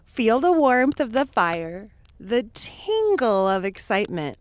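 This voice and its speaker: Slow, gentle woman telling kids' stories. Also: on the high side, sing-song, smooth, no room sound. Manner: gentle, hushed, dramatic storytelling. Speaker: children's storytime host. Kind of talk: children's storytelling.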